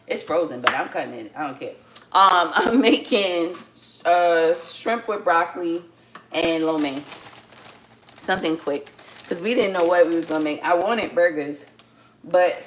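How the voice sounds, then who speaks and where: A woman's voice: on the low side, a little hiss or hum. A young woman with a New York City accent, chatting casually on a livestream while cooking, greeting viewers by name and laughing often. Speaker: livestream host.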